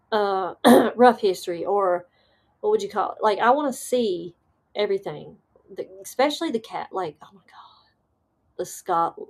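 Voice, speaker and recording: A woman hosting a livestream, chatting casually with viewers and reading their comments aloud, rambling and excitable with bursts of laughter. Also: medium pitch. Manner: chatty and rambling, trailing off often. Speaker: livestream host.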